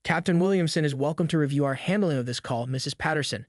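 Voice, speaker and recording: A synthetic male narrator voice speaking as a calm, professional police sergeant who stays firm but polite. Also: fairly high pitch, fast, no room sound, studio quality, close to an everyday voice. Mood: composed.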